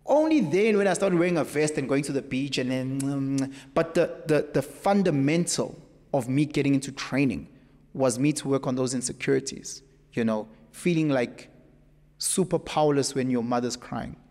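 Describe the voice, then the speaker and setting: A man with a South African accent, speaking as a podcast guest in an emphatic, animated storytelling way. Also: medium pitch, normal speed. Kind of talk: casual conversation. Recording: echoey room with long reverb.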